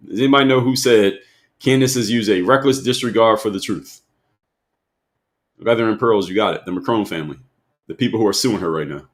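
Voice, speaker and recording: A man with a fairly low voice hosts a live stream and talks straight to his viewers. He drives his points home with repetition and keeps quizzing the chat.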